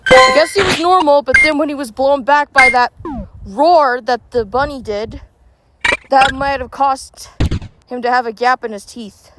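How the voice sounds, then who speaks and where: High-voiced woman musing over loud noise. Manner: chatty, musing aloud. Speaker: gaming vlogger. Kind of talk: casual speculative commentary while playing.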